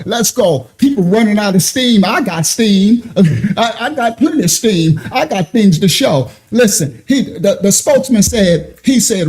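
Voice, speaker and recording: A man hosting a casual livestream, talking in an animated, colloquial way and chuckling often between remarks. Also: high-pitched. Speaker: livestream host.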